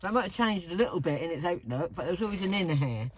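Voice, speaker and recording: A woman with a Norfolk accent, working as a spirit medium, chatting in a gentle, soothing way as she talks to a spirit. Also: on the low side, expressive, quick pace, slight background noise. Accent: Norfolk English. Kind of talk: casual paranormal investigation chat. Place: indoors in a pub.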